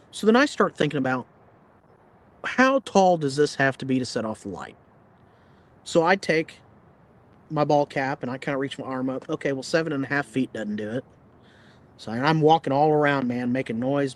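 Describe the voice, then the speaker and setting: A man's voice: medium pitch, animated, fairly quick. Blunt, plain-spoken man telling a story. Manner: rambling, filler-heavy retelling. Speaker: podcast guest. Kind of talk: casual storytelling.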